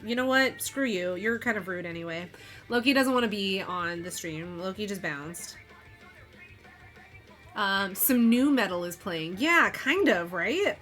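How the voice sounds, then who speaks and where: Bright-voiced chatty woman, Valley Girl lilt. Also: medium pitch, expressive, unhurried. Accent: Valley Girl inflection. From Missouri, USA. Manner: chatty and rambling, full of "like". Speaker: streamer crocheting live. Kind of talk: casual live-stream chat. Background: faint background music.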